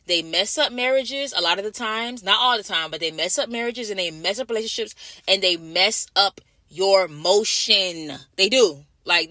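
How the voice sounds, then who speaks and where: A woman from Jamaica rants straight to camera in a casual vlog, blunt, profane and repetitive. Her voice is strikingly bright and piercing, set at a middling pitch. The sound is completely dry, with no room around it. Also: dry recording. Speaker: vlogger. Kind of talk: casual ranting monologue.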